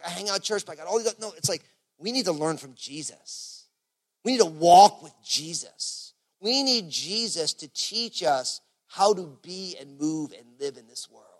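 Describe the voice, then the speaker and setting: A man preaching a sermon as pastor in a casual, conversational way, full of fillers like "you know". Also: high voice. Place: church service.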